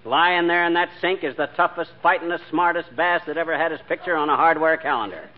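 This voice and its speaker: An actor playing a brash, bragging husband who tells tall tales in a 1940s radio sitcom. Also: male voice, fairly high pitch, fairly quick, close to an everyday voice. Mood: boastful. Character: boastful, blustering husband spinning tall tales. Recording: dull lo-fi 1940s radio broadcast with faint hiss.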